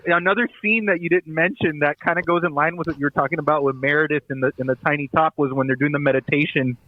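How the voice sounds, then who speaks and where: A man's voice: on the high side, fairly even intonation, fast, no echo, phone-quality sound. A man co-hosting a casual podcast chat, laughing often and quoting scenes with animation. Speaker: podcast co-host.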